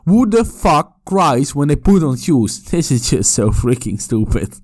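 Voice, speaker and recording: A man gives mocking reaction commentary in a sarcastic, profane tone. His voice swings widely in pitch and sits a little high. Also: big pitch swings, a little slow, a little mellow.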